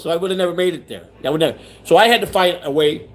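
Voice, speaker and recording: A man's voice: on the high side, quick pace. A man hosting a rambling livestream chat, repeating himself, restarting sentences and reading viewer comments aloud. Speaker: livestream host.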